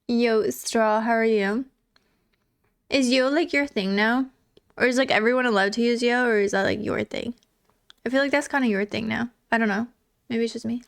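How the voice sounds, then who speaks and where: A woman's voice: a little high, moderate pace, vocal fry. A woman streamer in casual live chat, giggly and chatty, reading and answering chat.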